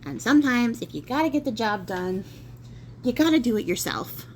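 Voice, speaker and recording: A woman's voice: fairly high pitch, sing-song, normal speed, slight background noise, poor audio. A woman voicing the devil as an impatient, exasperated male ruler of hell in a spoken story. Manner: exasperated, bossy.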